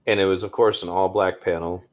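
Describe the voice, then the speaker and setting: Low-voiced argumentative political guest. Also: male voice, flat delivery, a little fast. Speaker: guest commentator. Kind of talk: political discussion.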